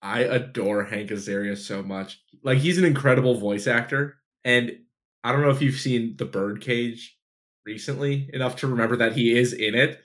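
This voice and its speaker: A man's voice: mid-range voice, normal speed, fairly bright tone. Male co-host, laid-back recapper, mid-range voice. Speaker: podcast co-host. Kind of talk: casual chat.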